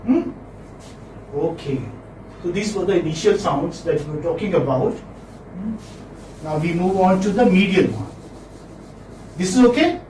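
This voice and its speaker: A man lecturing a class on phonetics, repeating words slowly and checking in with students with a questioning "hmm?". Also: sits high, mellow, distant mic. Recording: echoey room, mic from afar, faint noise.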